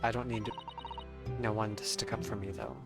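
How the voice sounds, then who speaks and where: A man reading a guarded, defiant young street girl, over loud game music. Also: fairly low pitch, little pitch movement, moderate pace, lightly acted. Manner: slangy, defiant, tough. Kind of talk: reading game dialogue aloud.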